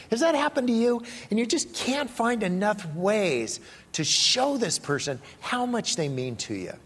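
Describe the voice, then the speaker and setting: Pastor, male, animated storyteller, husky voice, long hall reverb. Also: high voice. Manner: animated, playful storyteller acting out quotes. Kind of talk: sermon storytelling.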